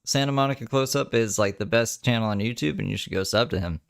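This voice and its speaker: A man's voice: fairly low pitch, quick pace, gravelly, smooth, dry recording. A man giving casual, sarcastic commentary while reacting to another streamer's live broadcast, laughing often.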